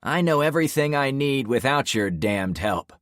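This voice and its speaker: A man voicing a hostile, volatile young male party guy who taunts and shouts insults. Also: fairly high pitch, animated, a little slow, vocal fry, no echo, studio quality, pitched above the performer's own voice. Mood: raging, taunting.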